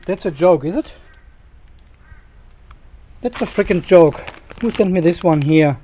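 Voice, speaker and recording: A man's voice: high-pitched, lively intonation, unhurried, pauses often, dark tone, slight background noise. Exasperated man ranting to camera. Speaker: car vlogger. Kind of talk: casual vlog to camera. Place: home carport, outdoors.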